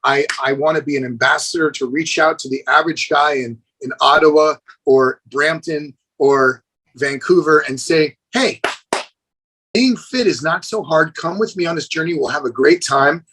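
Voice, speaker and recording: A man's voice: fairly high pitch, moderate pace, husky, poor audio. A middle-aged man, a fitness trainer, talking as a guest in a casual podcast interview, telling stories with enthusiasm and calling the host "dude". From United States. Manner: enthusiastic, animated storyteller, says "dude".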